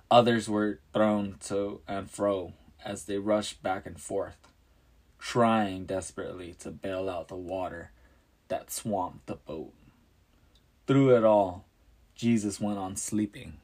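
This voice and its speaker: A man reading a Bible story aloud as a podcast narrator, measured and descriptive. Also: low-pitched, a little mellow.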